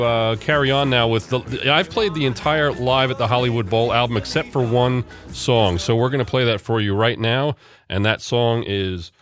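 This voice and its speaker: A man's voice: medium pitch, a bit bright. A man hosting a call-in radio show, talking casually with many fillers and restarts. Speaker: radio host.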